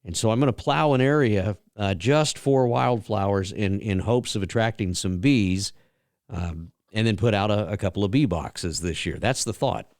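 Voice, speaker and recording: Middle-aged male radio host, folksy and rambling, mid-pitched, dry close sound. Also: moderate pace, a little mellow, no room sound. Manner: folksy storyteller, rambling with many fillers. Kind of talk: casual radio chat.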